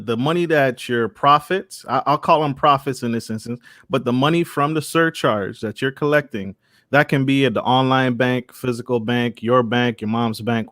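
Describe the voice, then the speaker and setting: A man's voice: mid-range voice, a bit bright, no echo, studio quality. A man hosting a podcast, who recaps the guest's points and speaks to the listeners directly, often repeating words. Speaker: podcast host.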